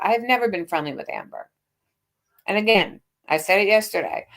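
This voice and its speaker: A woman hosting a casual livestream, her voice sitting at an ordinary middle pitch. She chats loosely and teases, breaking into laughter as she greets viewers. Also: a bit bright. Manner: chatty, teasing, laughs often. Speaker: livestream host.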